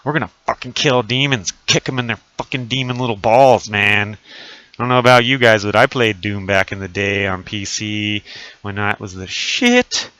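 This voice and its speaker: A man's voice: fairly low pitch, steady tone, moderate pace, bright, forceful tone. A man in his thirties chatting crudely and jokingly with viewers during a live stream, wearing a costume mask. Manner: crude, profane, joking banter. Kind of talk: casual live-stream chat. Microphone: desk mic, voice muffled little by a costume mask.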